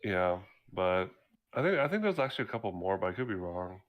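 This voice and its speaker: Young guy, kinda low voice, rambly gaming chat, laughs a lot. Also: sing-song, brisk, narrow, tinny audio. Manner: rambling, laughs at own stories. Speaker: podcast co-host.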